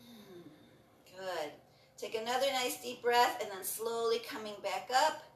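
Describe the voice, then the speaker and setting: Woman instructor talking people thru breathing stretches, kinda high voice, echoey room, mic a ways off. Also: a little slow, far from the mic, slight background noise. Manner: calm, encouraging, repeats cues. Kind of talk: guided exercise instruction. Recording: roomy sound from off the mic.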